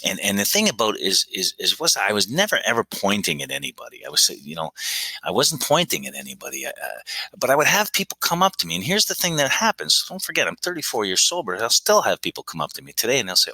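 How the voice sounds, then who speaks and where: A middle-aged man from Canada, a podcast guest telling recovery stories in an excitable, animated way. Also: on the low side, fast talker, dry recording, low-quality recording. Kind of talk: recovery story conversation.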